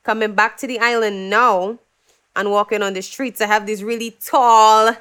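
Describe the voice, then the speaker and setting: A young woman, a singer being interviewed, telling stories in a lively way and acting out what people said. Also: mid-range voice, normal speed, smooth. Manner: animated storyteller, acts out quotes, laughs often. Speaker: guest, singer. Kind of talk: casual interview chat.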